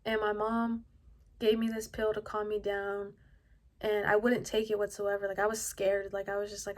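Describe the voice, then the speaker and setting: A woman telling a personal story in a casual vlog, soft-spoken and rambling, with lots of "like" and a hushed delivery. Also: mid-range voice, completely flat delivery, moderate pace. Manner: often drops to a hushed, quiet delivery. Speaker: vlogger telling her own story.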